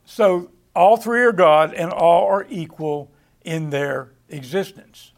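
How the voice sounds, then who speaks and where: Male preacher, high voice, halting delivery with repeated words, scripture-reading cadence. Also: creaky. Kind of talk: Bible study sermon.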